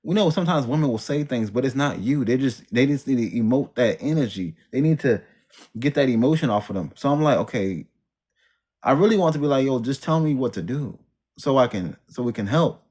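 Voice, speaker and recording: Casting man, mid pitch, casual slangy storyteller, rambling and self-interrupting. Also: expressive, brisk, darkish tone. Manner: rambling, restarts and trails off, slangy.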